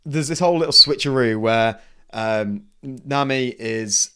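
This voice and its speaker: A man's voice: mid-range voice, measured pace, pushed and bright, clean tone. Giggly man recapping a manga. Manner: laughing often, acting out characters' lines in bursts. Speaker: podcast co-host. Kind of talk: casual chat about manga.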